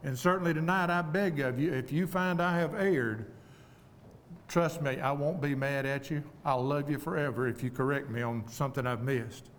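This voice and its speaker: A man preaching an evening sermon, earnest and humble, speaking in a measured way with deliberate pauses. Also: on the high side, a little hiss or hum. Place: church auditorium. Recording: long reverb of a church hall.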